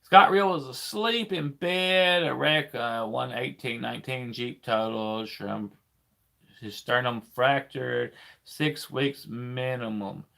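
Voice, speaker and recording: A man's voice: medium pitch, slow pace, gravelly, sharp tone. A man, a trucker hosting a casual live chat, rambling and repeating himself as he talks. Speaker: trucker and channel host.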